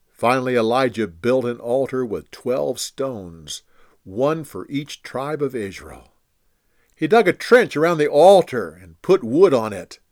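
Slow expressive male storyteller. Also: medium pitch, dry recording, studio quality. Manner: expressive, deliberate, acts out quotes. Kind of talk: scripted Bible story narration.

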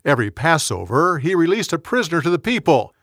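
A man narrating a Bible story with a lively, expressive delivery. His voice is bright and fairly high, recorded dry and close to the mic. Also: quick pace, dry recording. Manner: expressive, dramatic reading. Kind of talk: scripted storytelling.

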